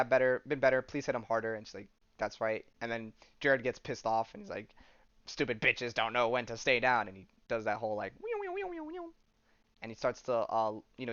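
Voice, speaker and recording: A man's voice: mid-range voice, a bit bright, clear, resonant tone, no room sound, lo-fi sound. A male podcast host casually retelling a comic story, reading the dialogue aloud with lots of fillers and swearing.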